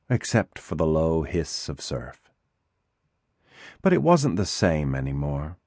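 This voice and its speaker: A man narrating a suspense novel in a measured, expressive audiobook reading. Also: low-pitched, dry recording, studio quality. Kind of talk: scripted narration.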